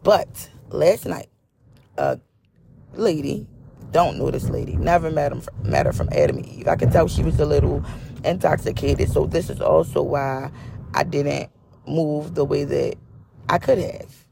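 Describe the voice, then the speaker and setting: A woman's voice: low-pitched, sing-song, unhurried, gravelly, background noise. A woman vlogger telling a story in a chatty, casual way, repeating phrases for emphasis.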